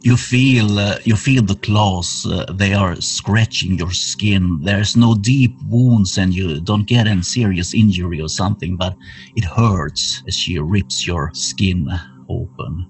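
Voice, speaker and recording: Deep, slow-talking game master. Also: male voice, gravelly, rough recording. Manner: measured with frequent uh fillers. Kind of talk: narrating a tabletop horror game.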